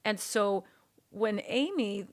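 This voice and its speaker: A woman's voice: mid-range voice, expressive, slow pace. A woman court reporter, a guest in a casual interview, telling her story animatedly and acting out the dialogue she quotes.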